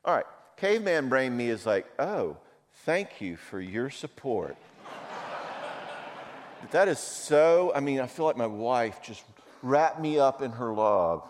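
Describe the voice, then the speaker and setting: This middle-aged speaker on marriage and anger talks at a normal speed with medium pitch, telling personal stories in an animated way and acting out quoted voices. The recording carries long hall reverb and a little hiss or hum.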